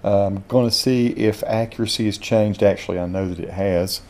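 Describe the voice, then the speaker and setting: A man with a Southern Appalachian accent, reviewing dictation software as he speaks punctuation commands aloud. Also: fairly low pitch, steady tone, moderate pace. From Southern Appalachia, USA. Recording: home video.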